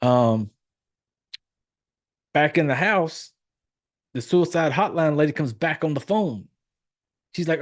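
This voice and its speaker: A man who hosts a horror podcast recaps a movie in a loose, rambling, profane way, full of fillers and self-corrections. His voice is on the high side and expressive, and he speaks a little slowly with long pauses.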